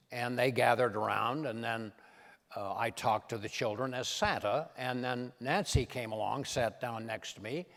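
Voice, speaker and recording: A man's voice: medium pitch, in a large hall. An older man, a comedian and impressionist, telling stories on stage and acting out the voices in them. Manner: lively, acts out voices in his anecdotes. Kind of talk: storytelling talk on stage.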